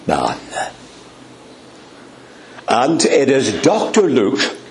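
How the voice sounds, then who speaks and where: A man preaching a sermon in a church, with dramatic pauses and a voice that drops low on repeated refrains. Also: slight background noise. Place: church hall. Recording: echoey church sound.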